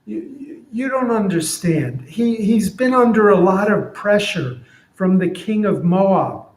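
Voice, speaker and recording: A man voicing a meek male donkey who stammers and defends his owner, in a higher, softer voice than his own, in an echoey room. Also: animated, slow pace. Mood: meek, defensive. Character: meek battered male donkey, loyal, making excuses. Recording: roomy echo.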